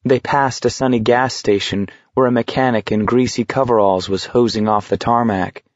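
A man narrating an audiobook in slow, measured storytelling. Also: mid-range voice, steady tone, no echo, muffled recording.

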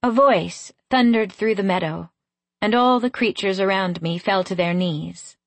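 A woman narrates a first-person fantasy tale at a slow, unhurried pace. Her reading is gently expressive and even. The recording is dry and close, with no room sound. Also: mid-range voice, no echo. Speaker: audiobook narrator.

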